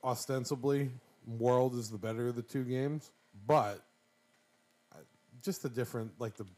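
A man's voice: mid-range voice, fairly even intonation, normal speed, a little mellow. A man in his thirties co-hosts a laid-back podcast conversation. He jokes freely and keeps slipping into goofy voices to act out bits. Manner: joking, jumps into goofy quoted voices. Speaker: podcast co-host. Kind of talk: casual chat.

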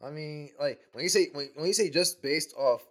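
A man's voice: a little high, moderate pace, a bit bright. A young man co-hosting a podcast in casual chat, laid-back and teasing. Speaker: podcast co-host.

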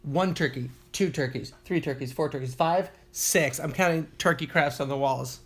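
A woman in casual chat, reacting to a story with quick jokes and interruptions. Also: sits low, breathy edge.

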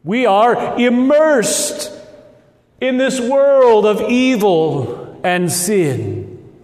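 A Midwestern man from Nebraska, with a slight North Dakota tinge, preaching a sermon as pastor in slow, deliberate phrases with dramatic pauses. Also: sits high, a little mellow. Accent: Midwestern with a trace of North Dakota. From Nebraska, USA. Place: church sanctuary. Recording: echoey church hall.

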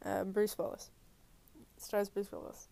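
A woman chats about films alone in her bedroom, lying down as she talks. Her voice has a gravelly, creaky edge, and her thoughts wander through fillers and restarts. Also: medium pitch, level tone, slow, dark tone, dry recording. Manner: rambling, full of fillers and restarts. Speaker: movie reviewer. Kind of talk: rambling casual chat.

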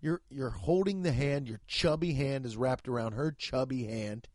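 A man's voice: mid-range voice, normal speed, darkish tone, dry recording. A man in his thirties hosting a podcast, with a profane, mocking comedic rant. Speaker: podcast host.

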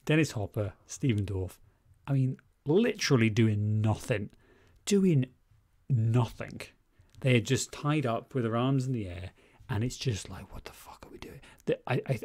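A fairly low-voiced man teases his co-host as they review a film. His talk is wry and sweary, and the close mic is dry. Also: darkish tone, slightly rough, no room sound. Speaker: podcast co-host. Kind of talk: casual film-review chat.

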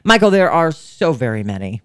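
Lively, teasing radio host, dry studio sound. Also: mid-range voice, clear, resonant tone, dry recording. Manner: breezy, teasing, quick plugs of the station. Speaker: radio talk show host. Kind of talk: casual radio chat.

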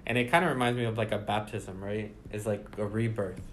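Reading scripture aloud and then explaining it conversationally, a man leads a casual Bible study in a fairly low, steady voice. His pace is a little quick, with slight background noise present.

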